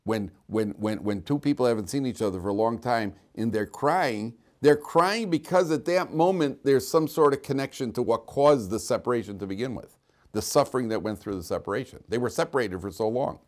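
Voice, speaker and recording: A man's voice: mid-range voice, animated, a little fast. A man teaching a class as a rabbi, talking informally, questioning students and cracking jokes, with frequent restarts.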